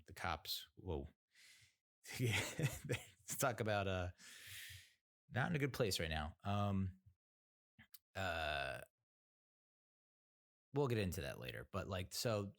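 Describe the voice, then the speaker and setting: A podcast host with a low, fairly bright voice tells a story in a casual monologue. He rambles, gets sarcastic, and fills the gaps with lots of fillers.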